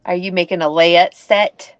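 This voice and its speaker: A woman chatting casually with a crochet host, making gentle, agreeable remarks. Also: lowish voice, steady tone, normal speed, dry recording. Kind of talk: casual chat. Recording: dull lo-fi livestream audio.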